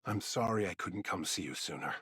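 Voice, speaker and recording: A man's voice: low-pitched, expressive, fairly quick, fairly bright tone, breathy edge, no echo, exaggerated voice. An actor playing an aging male commander in a game, with a dry, teasing way of talking. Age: older. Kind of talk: game voice acting.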